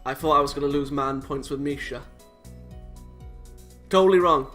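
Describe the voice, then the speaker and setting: A man's voice: medium pitch, monotone, fast, bright, forceful tone, soft background music. A man casually reading a visual novel aloud, cutting in with sarcastic, self-mocking jokes. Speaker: let's play host reading a visual novel. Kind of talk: casual read-aloud with joking asides.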